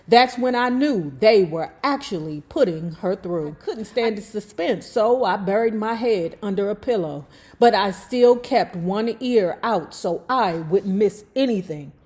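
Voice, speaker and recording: A woman's voice: mid-range voice, expressive, a little slow, darkish tone. Sassy woman reading aloud with asides. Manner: chatty, sassy asides to viewers; profane, slangy talk. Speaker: YouTube host reading a memoir aloud. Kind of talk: reading aloud with casual commentary.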